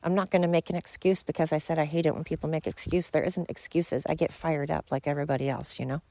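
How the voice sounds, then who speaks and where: A woman's voice: deep voice, fairly even intonation, quick pace, mellow, no room sound. A woman hosting a podcast, ranting bluntly and fired up, swearing freely. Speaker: podcast host. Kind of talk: opinionated podcast rant.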